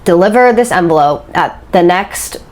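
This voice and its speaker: A man's voice: sits high, expressive, normal speed. A woman quoting a menacing man who gives curt, commanding orders. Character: menacing man handing over an envelope.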